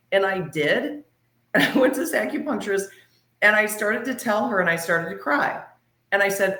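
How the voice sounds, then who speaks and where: A woman telling a personal story on a podcast in a lively, laughing way. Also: medium pitch, quick pace, reverberant. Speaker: podcast guest. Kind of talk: casual storytelling.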